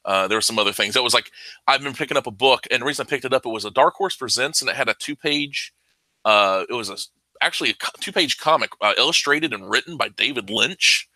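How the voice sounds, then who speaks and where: Fast-talking bright-voiced man. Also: medium pitch, dry recording, poor audio. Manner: fast, excitable, swears freely. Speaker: podcast guest, comics fan. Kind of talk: casual podcast chat.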